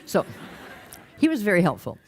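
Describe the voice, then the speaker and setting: An older woman, a career coach, telling a story to an audience with humor and lively acted-out quotes. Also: mid-range voice, moderate pace, a little hiss or hum. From United States. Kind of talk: storytelling talk.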